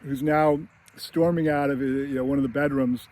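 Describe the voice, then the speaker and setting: A man's voice: mid-range voice, fairly even intonation, normal speed, a little mellow. A man giving a casual, rambling film analysis with many fillers and chuckles. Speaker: screenwriting commentator.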